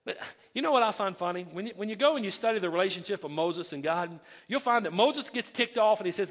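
A man's voice: high-pitched, animated, quick pace, fairly bright tone. A male pastor preaching a sermon, reading scripture aloud with emphatic asides and stumbling restarts. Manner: repeats words when starting sentences. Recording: echoey hall reverb.

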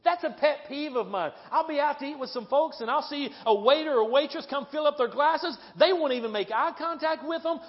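A male pastor giving a sermon, telling stories in a lively way and often checking in with the congregation with "right?" and "okay?". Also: very high-pitched. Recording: dull sound with long hall reverb.

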